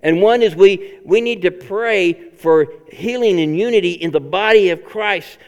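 Male pastor preaching, higher-pitched, smooth resonant tone, earnest repetition, echoing sanctuary. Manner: earnest, repetitive preaching with sudden loud and soft swings. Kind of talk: sermon.

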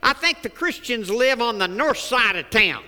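A man's voice: extremely high pitch, animated, moderate pace, sharp tone, voice pushed up, exaggerated voice. A man voicing a folksy small-town older man who answers plainly and comically. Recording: echoey hall.

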